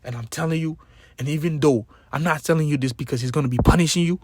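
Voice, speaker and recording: A man giving an impassioned motivational speech, preaching with loud emphatic peaks and repeated key words. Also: on the high side, fast, dry recording. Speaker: motivational speaker.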